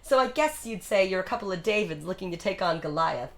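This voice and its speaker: A woman voicing a self-assured young female reporter with crisp, quick comebacks, in a solo live-streamed reading of a musical. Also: on the low side, expressive, fairly bright tone, voice pushed down. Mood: poised.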